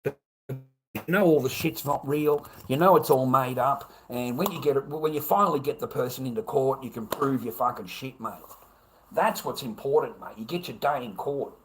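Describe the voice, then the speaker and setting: A man's voice: mid-range voice, moderate pace, slight background noise. An Australian man on a livestream, ranting heatedly, swearing constantly and repeating himself. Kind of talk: angry livestream rant.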